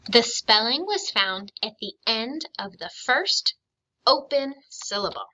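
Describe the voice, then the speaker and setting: Woman, primary phonics teacher, fairly high voice, drawn-out words, asks questions and pauses for answers. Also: expressive, pushed and bright, low-quality recording. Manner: slow and clear, stretching out sounds and syllables. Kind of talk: recorded phonics lesson for young children.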